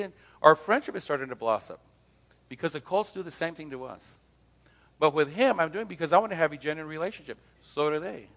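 A middle-aged man, his voice a touch higher than most, addresses an audience in a live talk. He tells stories by acting out each side of a conversation and keeps asking rhetorical questions. His voice rings with the long reverb of a meeting hall. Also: fairly bright tone. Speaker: speaker on leaving cults, former pastor.

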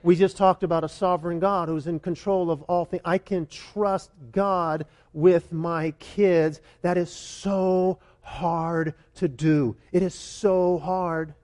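Preaching slowly with few pauses, this male pastor has a high voice and a lively, conversational style. He makes his case in the sermon by repeating points emphatically and questioning the congregation.

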